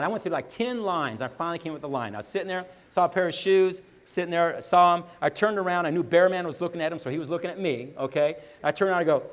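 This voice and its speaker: A man giving a motivational seminar talk, telling a story and acting out the dialogue, often checking in with the audience. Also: fairly high pitch. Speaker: motivational speaker.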